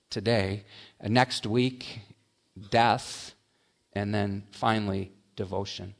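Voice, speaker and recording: A man preaching a sermon, mixing quick asides with slow, emphatic lines. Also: medium pitch. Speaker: pastor.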